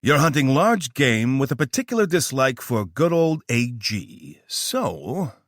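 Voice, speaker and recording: A man's voice: medium pitch, big pitch swings, fairly bright tone, no room sound, clean studio sound, voice pushed up. A man voicing an eccentric, flamboyant weapons scientist with a New York accent who slips into a fake posh British voice. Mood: excited, brash. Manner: fast-talking, theatrical, switches to a fake posh British put-on. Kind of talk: audiobook character voice.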